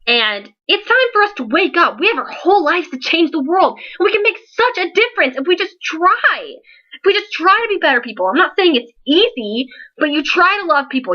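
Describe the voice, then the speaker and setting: Recorded in lo-fi sound, a young woman with a high voice, founder of an online support page, addresses her followers in an earnest, emotional vlog speech. She alternates between pleading with them and scolding them.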